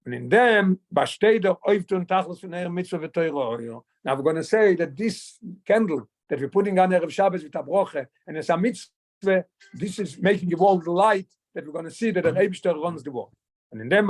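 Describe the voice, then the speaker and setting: A man's voice: high-pitched, darkish tone. A middle-aged rabbi, teaching a Torah class and asking and answering his own questions. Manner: mixes English with Yiddish and Hebrew terms, asks and answers his own questions. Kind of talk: Torah lesson explaining a text.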